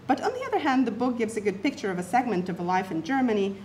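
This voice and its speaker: A woman's voice: a little high, very animated, fast talker, background noise. A woman presenting an academic paper, reading it aloud and setting off quotations with emphasis and asides.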